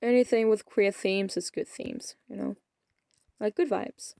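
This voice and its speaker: A woman's voice: medium pitch, huge pitch swings, measured pace, creaky, warm tone, no room sound, studio quality. A young woman of eighteen, chatting in a rambling, self-deprecating way in a casual vlog. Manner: rambling, self-deprecating, often trails off into mumbles. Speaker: vlogger. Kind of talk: rambling casual vlog chat while playing a game.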